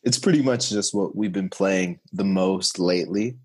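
A man co-hosting a music podcast, leading segments in a relaxed, conversational way with fillers. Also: low-pitched, normal speed, breathy edge. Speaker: podcast co-host. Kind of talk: casual podcast chat about music.

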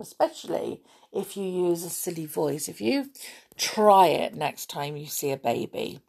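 A woman reading a children's story aloud, in a lowish voice. She takes her time and swoops her pitch expressively, dropping in gentle chatty asides. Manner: gentle, chatty asides, clears throat often.

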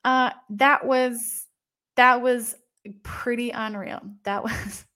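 A woman's voice: a little high, steady tone, slow pace, sharp tone. A young woman telling a travel story casually, chatty and full of filler words. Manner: chatty, frequent "like" fillers and laughter.

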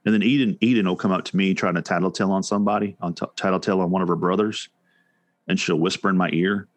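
A man's voice: low voice, steady tone, fast talker, no echo. A man co-hosting a casual chat show, talking in a rambling way with many restarts and fillers. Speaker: podcast co-host.

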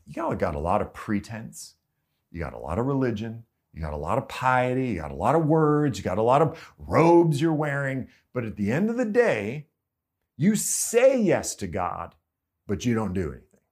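A man's voice: mid-range voice, sing-song, moderate pace, darkish tone. A man voicing a pointed rebuking teacher.

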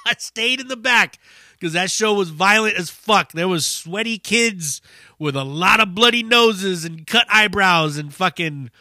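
Profane, bright-voiced man telling a story. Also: high voice, dry recording, clean studio sound. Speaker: podcast host. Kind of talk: casual storytelling monologue.

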